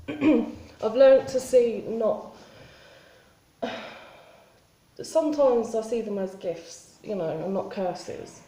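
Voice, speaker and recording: A woman talking in a spontaneous confessional vlog, halting and rambling with many restarts and fillers. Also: medium pitch, mellow, echoey room, poor audio. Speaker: vlogger.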